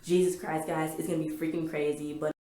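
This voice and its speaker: A woman giving a rambling, excitable casual recap of a TV episode, full of fillers. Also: sits low, brisk, roomy sound. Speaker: TV recap vlogger.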